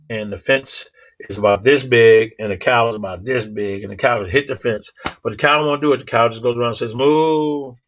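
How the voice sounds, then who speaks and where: A man giving a motivational talk, telling animated stories with sound effects and rhythmic, preacherly repetition. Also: lowish voice. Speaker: motivational speaker.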